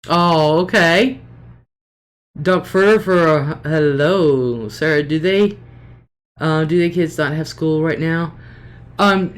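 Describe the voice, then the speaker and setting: A woman's voice: sits low, takes it slowly, pauses often. A middle-aged woman hosting a casual livestream, chatty and homey, greeting viewers by name and laughing often. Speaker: livestream host.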